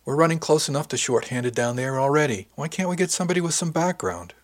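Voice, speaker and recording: A man's voice: mid-range voice, lively intonation, quick pace, pitched above the performer's own voice, close to an everyday voice. A man voicing a blunt, fiery young woman on a ship's engine crew who presses hard and swears. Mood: pushy.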